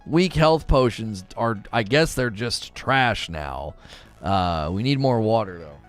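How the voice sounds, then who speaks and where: A man's voice: fairly low pitch, lively intonation, takes it slowly, faint music behind. A young man streaming a game, talking casually, reading chat and laughing often at his own jokes. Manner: chatty, laughs often, mocking jokey asides.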